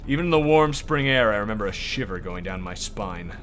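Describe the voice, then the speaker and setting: A man's voice: lowish voice, expressive, fairly quick, fairly bright tone, soft background music. A man streaming a game, thinking aloud and reading narration with wry, swearing asides. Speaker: gaming streamer. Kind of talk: casual game commentary.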